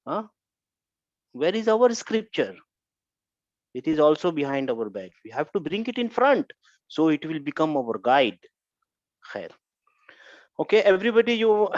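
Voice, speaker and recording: A man's voice: sits high, lively intonation, normal speed, long pauses, a little mellow, dry recording. Guy teaching grammar, says stuff twice and keeps going "huh?", dry dull lo-fi audio. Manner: repetitive, keeps checking with "Huh?". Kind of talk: online grammar lesson. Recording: dull lo-fi recording.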